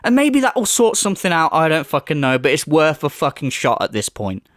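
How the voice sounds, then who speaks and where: A man's voice: on the high side, wildly swooping pitch, a little fast, fairly bright tone, dry recording, studio quality. A man giving profane, sarcastic commentary over video clips, laughing and mocking as he goes. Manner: sarcastic, laughing, swearing freely. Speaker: commentary YouTuber.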